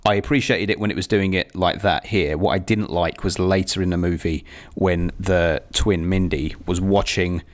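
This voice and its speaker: A man's voice: deep voice, steady tone, moderate pace, hardly any pauses. A British man co-hosting a film podcast, chatting casually and animatedly, laughing often. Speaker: podcast co-host. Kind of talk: casual film review chat.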